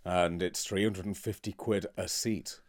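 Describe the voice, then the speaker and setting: A man's voice: sits low, a little slow. A man with a Liverpudlian accent, a drama teacher co-hosting a casual podcast chat and telling anecdotes. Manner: animated storyteller, laughs while telling anecdotes. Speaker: podcast co-host.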